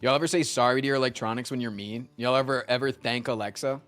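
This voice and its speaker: A man's voice: mid-range voice, fast talker, soft background music. A man livestreaming in casual chat, telling stories with lots of swearing and reading out chat messages. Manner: animated storytelling with frequent swearing; reads and answers chat messages.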